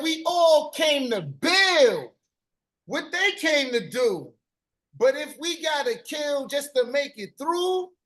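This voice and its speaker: Slow, high-voiced spoken-word performer. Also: fairly bright tone. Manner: rhythmic chanted delivery with repeated refrains. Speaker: host of a live stream.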